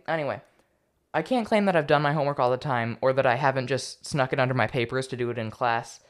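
A young man hosting a solo political commentary podcast, talking casually with a sarcastic edge. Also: medium pitch. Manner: casual, sarcastic, stumbles over foreign names. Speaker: podcast host.

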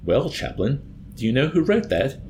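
A man's voice: medium pitch, very animated, moderate pace, noisy background, voice pushed up. A man voicing a brutal army colonel who interrogates with sarcasm and scorn. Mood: sarcastic.

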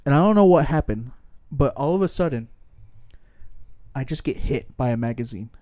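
A man's voice: medium pitch, expressive, normal speed, warm tone, no echo. Young man telling rambling stories. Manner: rambling storyteller, swears, laughs often. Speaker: podcast co-host. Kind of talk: casual chat.

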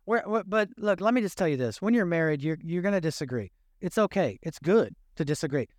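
A man's voice: a little high, fairly quick, no room sound, studio quality. An older man, a grandfather and pastor, preaching a sermon in a conversational, joking way. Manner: conversational, jokey, animated preaching.

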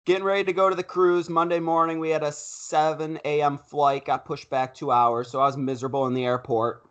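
A young man co-hosting a podcast, telling a story in an animated way and acting out quotes. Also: a little high, fairly quick, highs cut off. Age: young adult. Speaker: podcast co-host. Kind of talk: casual storytelling chat.

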